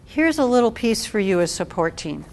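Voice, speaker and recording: A woman social worker giving a talk to a support group, animated and acting out quotes with laughs. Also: mid-range voice, moderate pace, a little hiss or hum.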